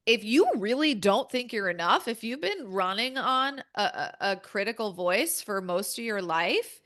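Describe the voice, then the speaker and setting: A woman's voice: medium pitch, lively intonation, moderate pace, a bit bright. A woman speaking as a podcast guest, candid and emphatic, acting out her own inner dialogue as she talks.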